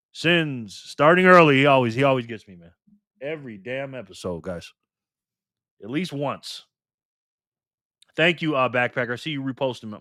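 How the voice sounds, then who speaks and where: A man's voice: mid-range voice, a bit bright, no room sound, studio quality. Laid-back older man hosting a live stream. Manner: laid-back, chatty, thanks viewers by name, swears casually. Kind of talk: casual live-stream chat.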